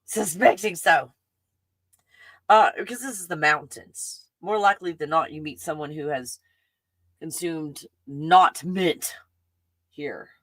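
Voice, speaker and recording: A chatty woman with a Texan accent rambles excitedly through a casual livestream, her voice sitting fairly low. She piles on fillers as she talks. The sound is close and dry, with no room echo. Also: slow, long pauses. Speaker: livestream host. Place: home in the mountains.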